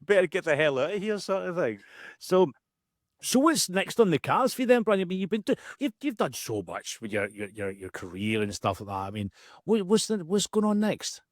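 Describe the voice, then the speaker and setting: A man's voice: high-pitched, very animated, brisk, dry recording, clean studio sound. A man with a Glasgow Scottish accent hosting a podcast interview, chatting casually, laughing often and swearing in jest. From Scotland. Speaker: podcast host.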